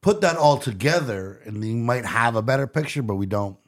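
A man's voice: medium pitch, lively intonation, moderate pace. A man co-hosting a podcast in casual chat, rambling through stories and trailing off. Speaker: podcast co-host.

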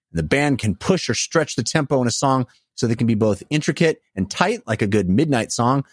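Animated male podcast host, dry sound. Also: mid-range voice, dry recording. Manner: lively, frequent "uh" fillers. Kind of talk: casual podcast chat.

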